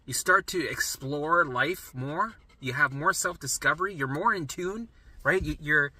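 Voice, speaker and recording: A man's voice: on the high side, unhurried, bright, forceful tone, slightly rough, no echo. A middle-aged man coaching listeners on recovery in an emphatic monologue, often tagging sentences with "right?" and swearing casually. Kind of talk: motivational monologue.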